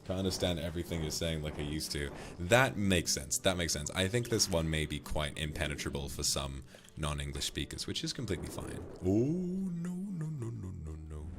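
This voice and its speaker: A man streaming, casually chatting and reading out viewer donations in a teasing, affectionate way. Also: a bass voice.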